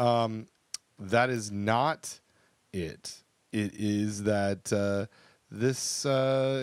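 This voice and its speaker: With a fairly low pitch and no room sound, a male podcast co-host rambles casually, leaning on fillers and restarts.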